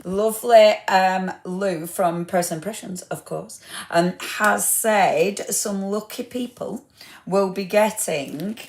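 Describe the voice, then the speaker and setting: A woman's voice: mid-range voice, slow, slight background noise. A woman hosting a live craft product showcase, gushing over papers and chatting to viewers by name. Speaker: craft shop host.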